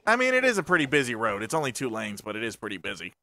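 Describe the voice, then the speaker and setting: A man's voice: medium pitch, huge pitch swings, racing, sharp tone, slight background noise. A man chatting casually and goofing around while playing a co-op game with a friend. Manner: goofy, joking. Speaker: gamer. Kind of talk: casual co-op gaming chat.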